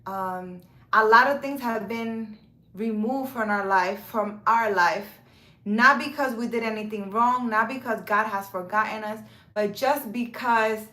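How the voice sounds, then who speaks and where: A woman's voice: a little high, a bit bright, echoey room. A woman talking casually to her viewers about faith, filling her speech with "you know" and "um" and correcting herself as she goes. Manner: conversational, with many fillers and self-corrections. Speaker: spiritual vlogger. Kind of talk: casual spiritual talk to camera.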